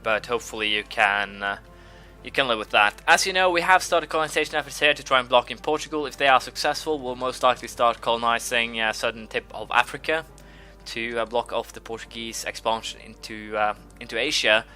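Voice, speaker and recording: A man with a very bright, sharp voice talks through a strategy game, halting often with fillers and restarts while fighting the hiccups. His pitch sits in an ordinary middle range, and faint game music plays softly behind him. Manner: rambling, hesitant, many fillers and restarts. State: has the hiccups. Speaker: let's-play host. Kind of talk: gameplay commentary.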